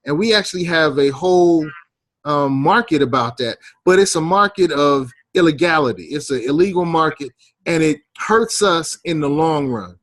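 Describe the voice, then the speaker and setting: A man co-hosting a podcast, making his points in a measured, reflective way. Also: a little high, animated, fairly bright tone, no echo. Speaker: podcast co-host. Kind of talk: casual discussion.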